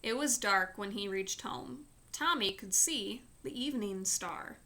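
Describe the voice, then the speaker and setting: A woman reading a children's chapter book aloud in a slow, clear storytelling manner. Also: medium pitch, pushed and bright.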